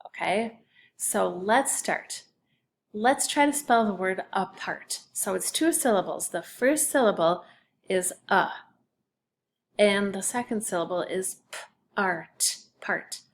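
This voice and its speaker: Woman teacher, children's spelling lesson, slow, careful delivery. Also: medium pitch, lively intonation, vocal fry. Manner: slow, patient, sounding out syllables.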